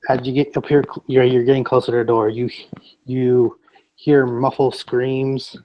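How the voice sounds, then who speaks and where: A man's voice: medium pitch, little pitch movement, normal speed, lo-fi sound, a little hiss or hum. A man narrating a tabletop game as game master, describing scenes with frequent restarts.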